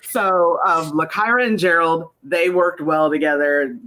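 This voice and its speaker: A woman who created an animated series, chatting casually in an interview about her cast with many fillers. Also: deep voice, a little slow. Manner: chatty, many fillers, acts out quotes in lively voices.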